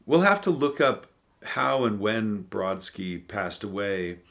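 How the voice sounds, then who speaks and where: A man reading poems aloud and talking them through in a thoughtful, musing way, pausing often with ums and uhs. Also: fairly low pitch, sing-song, gravelly, fairly bright tone. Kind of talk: casual poetry reading and commentary.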